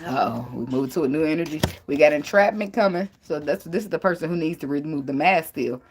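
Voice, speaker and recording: A woman's voice: low-pitched, fairly quick, noisy background. A young woman reading tarot and giving blunt relationship advice in a casual, profane way, laughing often and wandering off on tangents. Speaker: tarot reader. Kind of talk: casual spiritual advice talk.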